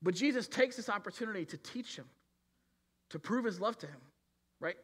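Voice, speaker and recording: A man's voice: high-pitched, lively intonation, a little fast, a bit bright, husky. A man preaching a sermon in an earnest manner, with frequent restarts and acted-out quotes. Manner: earnest, repeats words and restarts often, acts out quoted voices. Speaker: pastor.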